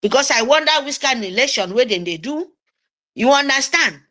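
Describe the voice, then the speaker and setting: A woman with a Nigerian English accent slipping into Pidgin speaks in a fervent, scolding monologue. Her voice sits high and bright, and it swoops widely as she hammers home her points by repeating them. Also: animated, brisk. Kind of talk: impassioned political monologue.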